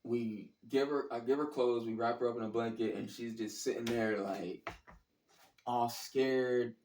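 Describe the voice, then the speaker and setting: A man's voice: mid-range voice, steady tone, measured pace, darkish tone, a little hiss or hum. A man telling a story casually, with lots of slang and profanity, acting out his own reactions as he goes. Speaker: storyteller recounting a college basketball trip. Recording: echoey room, distant from the mic.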